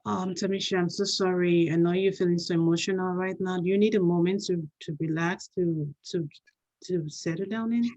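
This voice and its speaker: A woman acting as a counselor in a role-play session. She speaks gently and haltingly, with many fillers and restarts. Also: lowish voice, fairly even intonation, dull audio. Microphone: video call.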